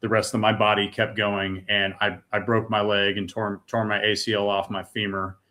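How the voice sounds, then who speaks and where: A man's voice: fairly low pitch, flat delivery, normal speed, bright, forceful tone. A middle-aged man from the United States giving an emotional personal testimony, earnest and raw, repeating words when moved. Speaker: guest.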